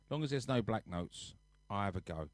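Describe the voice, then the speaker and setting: On the low side and brisk, this man's voice has lively intonation, and there's no echo. As a live-stream host and musician, he chats casually from his home sofa, rambling and reading viewer comments aloud to his audience.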